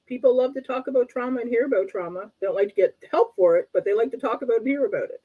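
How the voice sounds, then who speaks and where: A woman's voice: a little high, very fast, phone-quality sound. A woman from Canada co-hosting a relationship talk show as a coach, wry and politely blunt, often laughing. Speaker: co-host and coach.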